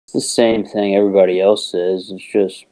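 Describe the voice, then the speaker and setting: Podcast co-host: a man with a mellow, dark voice, joking and foul-mouthed in loose banter. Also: low-pitched, flat delivery, moderate pace. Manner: joking, swears freely. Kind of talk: casual chat.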